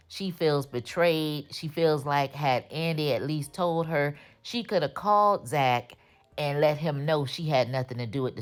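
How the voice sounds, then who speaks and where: A woman with a deep voice talks through a TV drama episode in loose, informal speech. She is openly opinionated and often speaks straight at the characters to scold them. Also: clear, resonant tone. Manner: slangy, informal. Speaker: TV recap host. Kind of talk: casual TV episode recap.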